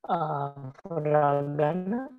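A man who is a Buddhist monk teaching a language class, patient and repetitive, pausing often with hesitations. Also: a little high, phone-quality sound, soft background music. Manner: patient, repeats words, many hesitations.

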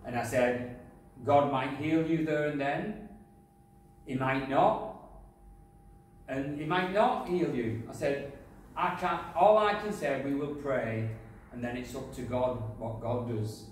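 A man preaching a sermon, telling a personal testimony, going from loud praise to quiet asides. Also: medium pitch, takes it slowly, pauses often. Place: church hall. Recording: echoey hall, from far off, faint noise.

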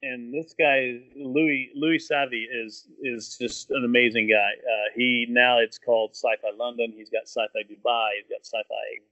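A man, a filmmaker guest, telling stories in casual podcast chat, animated and laughing often. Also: medium pitch, moderate pace, few pauses, no echo. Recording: dull lo-fi dry sound.

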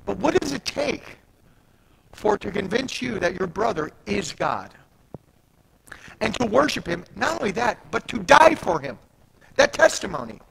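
A man's voice: high-pitched, vocal fry, a bit bright, a little hiss or hum, rough recording. A man preaching a sermon at a church service, talking in an emphatic, conversational way with restarts and asides. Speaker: pastor.

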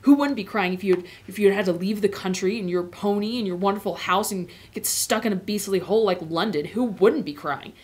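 A woman's voice: medium pitch, a little fast, hardly any pauses, a little mellow, lightly acted. Woman reading a whiny storybook boy, petulant and full of excuses. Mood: whining. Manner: petulant, self-justifying.

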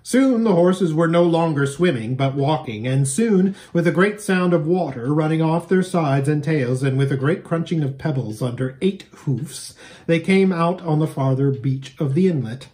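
A pastor reading a children's novel aloud as an expressive storyteller. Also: male voice, fairly high pitch, normal speed.

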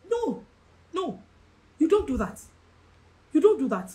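A young woman with a Nigerian English accent, leading a Bible study with passion, repeating her words and shouting for emphasis. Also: very high voice, very animated, measured pace. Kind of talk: livestreamed Bible study teaching.

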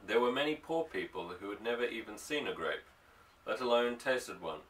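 A male audiobook narrator with a low voice and a bright, forceful tone. He tells the story steadily, and the mic sounds a little distant. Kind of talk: scripted narration.

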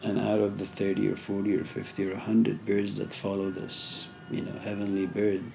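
A man's voice: lowish voice, completely flat delivery, moderate pace, vocal fry, fairly bright tone, a little hiss or hum. A man giving an informal philosophy lecture, talking conversationally with many "you know"s and story asides.

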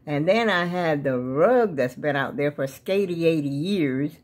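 A woman in her seventies talks to her viewers in a loose, rambling, folksy chat and keeps calling them y'all. Her voice sits a little low for a woman. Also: lively intonation, a little slow, darkish tone. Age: 70s. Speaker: vlogger. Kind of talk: casual chat to camera.

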